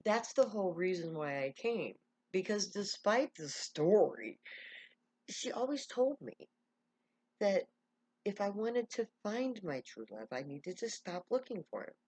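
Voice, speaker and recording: A woman's voice: mid-range voice, sing-song, a little slow, darkish tone, breathy edge, no echo. A woman voicing an earnest young red-haired nanny explaining why she came, in a told story.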